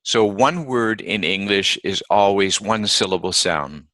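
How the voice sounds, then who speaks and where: Male English teacher, lowish voice, unhurried and deliberate, carefully sounds out example words. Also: expressive, sharp tone, dry recording. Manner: deliberate, models words by repeating them slowly. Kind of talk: slow instructional lesson.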